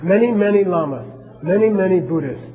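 A man's voice: high-pitched, expressive, fairly quick, in a large hall, phone-quality sound, crowd noise. A man teaching a class on Buddhism, talking casually and asking his listeners questions as he goes.

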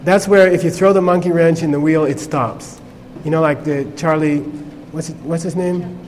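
A man with a somewhat high voice teaches a class in a loose, conversational way, often pausing to check in with his listeners. The room has long reverb and a faint hum of ambience behind him. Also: fairly even intonation, darkish tone. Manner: conversational, peppered with "okay?" checks. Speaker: Buddhist teacher. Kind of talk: informal class lecture.

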